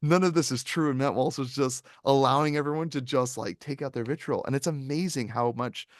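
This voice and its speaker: A man's voice: medium pitch, a little fast, no echo, clean studio sound. A man co-hosting a movie review podcast, telling long stories in casual chat with many fillers and restarts. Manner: rambling, animated storytelling with frequent fillers. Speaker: podcast co-host.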